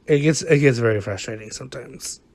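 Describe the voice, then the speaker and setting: A man's voice: mid-range voice, gravelly, a little mellow, no room sound. A man giving rambling, exasperated, self-mocking commentary over a game. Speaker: gaming vlogger. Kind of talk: casual gameplay commentary. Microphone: close desk mic, no camera.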